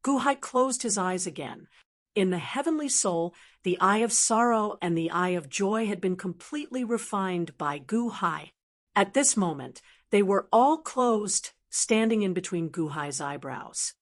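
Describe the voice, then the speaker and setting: A woman narrating a fantasy novel audiobook in a steady, even reading style. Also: mid-range voice, measured pace. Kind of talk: scripted narration.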